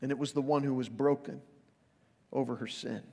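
A man preaching a sermon as pastor, earnest, dropping soft for quoted lines and building to urgent appeals. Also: medium pitch, steady tone, moderate pace. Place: church sanctuary. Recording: long reverb of a large hall.

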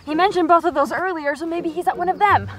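Excitable high-voiced woman park ranger. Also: fast talker, heavy background noise. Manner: excitable, squealing, over the top. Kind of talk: scripted children's video acting. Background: background music.

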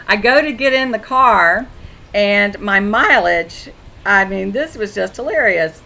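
Telling faith stories in a chatty testimony monologue, this Christian video blogger speaks with a mid-range, sharp voice, a little slow but with lively intonation. She quotes dialogue, acts out conversations and keeps restarting her sentences. The audio is poor, with slight background noise.

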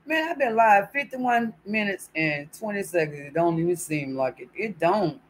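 A man talks casually on a live stream, his voice sitting a little higher than most men's. He chats warmly with his viewers and reads their comments aloud. Faint noise hums behind him. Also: lively intonation, moderate pace. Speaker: YouTube livestream host. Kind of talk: casual livestream chat.

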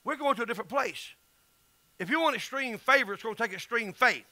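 Folksy Southern preacher man, bright voice. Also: very high voice, lively intonation, brisk, dry recording. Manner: emphatic, folksy storytelling preacher. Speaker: pastor. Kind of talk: sermon.

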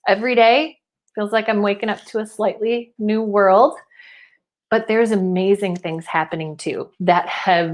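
A woman hosting a live webinar from home as a speaking coach, upbeat and emotional, close to tears, reading out chat messages. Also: mid-range voice. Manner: warm, upbeat, emotional and chatty. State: teary, close to crying. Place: her home.

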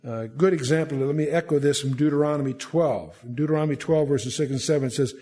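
A man's voice: a little high, fast, few pauses, dark tone. A man teaching a verse-by-verse Bible study, reading scripture aloud and then explaining it in a conversational way with frequent restarts.

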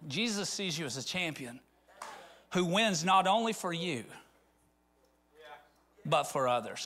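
A man's voice: on the high side, big pitch swings, measured pace, long pauses, pushed and bright. A middle-aged man from rural Arkansas, preaching a conversational sermon that rises into fervent appeals. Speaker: pastor.

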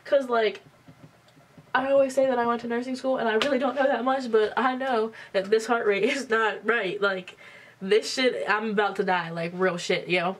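A woman's voice: a little high, steady tone, moderate pace. Blunt, foul-mouthed young woman vlogger. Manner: blunt, emphatic, swears a lot. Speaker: beauty vlogger. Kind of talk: storytime chat while doing makeup. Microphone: camera mic.

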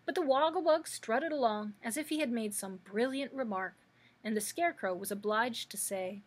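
Female librarian narrator, storybook read-aloud, slightly high, breathy tone. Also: normal speed.

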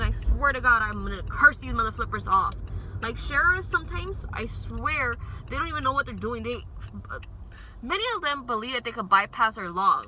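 Bright, high young woman vlogging. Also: slight background noise, rough recording. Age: young adult. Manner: emotional, rambling, swings from upbeat to frustrated. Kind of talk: casual vlog while driving. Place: in a car.

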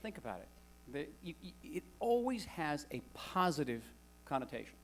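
Addressing a live lecture-hall audience as a guest author, this man speaks at a moderate pace in a slightly bright, higher-leaning voice with big pitch swings, over slight background noise. His public talk is wry and conversational, full of animated storytelling.

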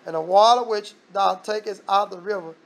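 High-voiced preacher man, keeps repeating himself for emphasis, reads scripture then riffs on it. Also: brisk. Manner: emphatic, repetitive, reads scripture aloud with asides. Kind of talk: sermon.

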